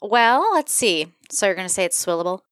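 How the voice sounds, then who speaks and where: A woman's voice: medium pitch, animated, brisk, a bit bright, slight background noise. A woman co-hosting a podcast, chatting in an easygoing, teasing way while rating wine. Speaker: podcast co-host. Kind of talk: casual wine-tasting chat.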